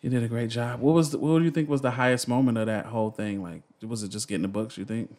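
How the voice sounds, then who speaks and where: A man's voice: medium pitch, fairly even intonation, fast talker, darkish tone. A man chatting casually with his partner, cheering her on. He mostly chimes in with short remarks and asks her questions now and then. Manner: supportive, short interjections and questions. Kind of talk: casual chat.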